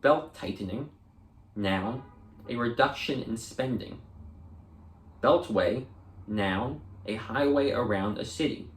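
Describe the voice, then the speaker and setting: A man reading dictionary entries aloud for an audiobook, measured and deliberate, sometimes restarting a word. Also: mid-range voice, echoey room. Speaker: audiobook reader.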